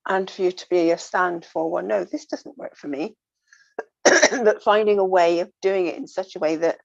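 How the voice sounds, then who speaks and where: A woman talking earnestly in a casual reflective way, coaching gently and repeating her phrases. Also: on the low side, dry recording. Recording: dull lo-fi dry sound.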